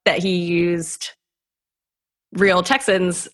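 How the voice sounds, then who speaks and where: A woman's voice: fairly low pitch, fairly even intonation, extremely slow. A young woman co-hosting a podcast in casual chat, laughing often and filling her talk with "like", heard over a video call. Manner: chatty, laughs often, lots of "like" fillers. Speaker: podcast co-host.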